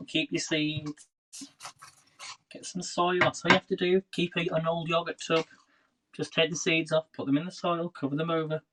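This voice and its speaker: A fairly high-pitched man in his thirties chats with viewers during a casual cooking livestream from his home kitchen. He streams from a phone, and there's background noise of kitchen clatter and clicks.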